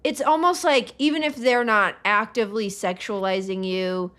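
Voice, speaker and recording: A woman co-hosting a podcast, telling stories in a loose, animated way, with lots of "like" and frequent laughter. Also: medium pitch, normal speed. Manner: animated storytelling, heavy use of "like", laughs often. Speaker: podcast co-host. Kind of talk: casual chat.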